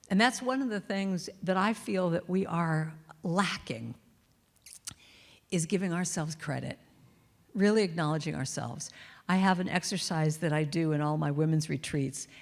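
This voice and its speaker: A middle-aged woman giving a playful, chatty spiritual talk to a congregation, acting out little quotes as she goes. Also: fairly low pitch. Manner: warm, chatty, playful, acts out quotes and sings snippets. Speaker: inspirational speaker and singer. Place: large church hall. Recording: long reverb of a large hall.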